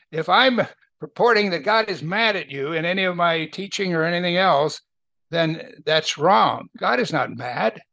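A man's voice: fairly high pitch, gravelly, sharp tone, no room sound. An older man teaching a Bible study in a conversational way, often checking in with his listeners. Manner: conversational, asks listeners to agree.

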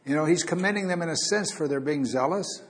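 A man's voice: a little high, fast. A man preaching a Bible teaching, talking casually to his listeners and reading scripture aloud with dramatic emphasis.

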